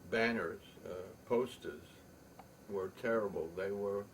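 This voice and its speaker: An older man telling a long rambling story, halting with many ums and restarts. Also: on the low side. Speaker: poet and storyteller. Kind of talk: rambling spoken reminiscence. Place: home loft. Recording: distant mic, faint room noise.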